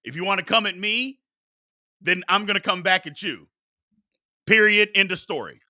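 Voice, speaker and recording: A man's voice: high voice, normal speed, pushed and bright, no room sound, clean studio sound. A man hosting a sports talk show, arguing heatedly with his chat and preaching about respect. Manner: combative, preachy, exclaims "Lord have mercy".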